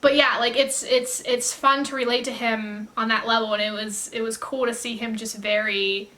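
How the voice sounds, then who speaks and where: Woman doing a chatty reaction vid, kinda high bright voice, rambly, keeps restarting her sentences. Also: steady tone, moderate pace. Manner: rambling, self-correcting, effusive. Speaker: reaction video creator. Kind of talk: casual reaction commentary.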